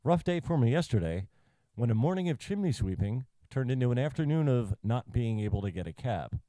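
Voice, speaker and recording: A man hosting a podcast, telling his story in a deliberate, measured way during casual chat. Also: mid-range voice, very animated, warm tone, no echo.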